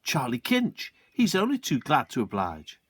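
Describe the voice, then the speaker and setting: A man voicing a proud, calm father who is an old hand at poaching. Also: mid-range voice, measured pace, husky, no echo, heavily acted. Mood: assured.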